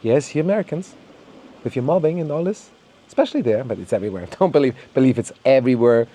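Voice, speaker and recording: Warm-voiced man on a heated rant. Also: medium pitch, lively intonation, fast. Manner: heated, ranting, swears, repeats words, mocks others in quoted voices. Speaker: podcast host. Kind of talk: opinionated monologue.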